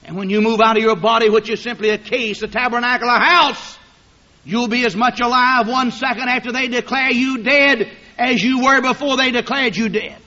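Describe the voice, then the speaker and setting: High-voiced fiery preacher man, lo-fi. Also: fairly even intonation. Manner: dramatic swings from hushed to shouting, drawn-out emphasis. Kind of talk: fiery sermon. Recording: dull lo-fi sermon recording.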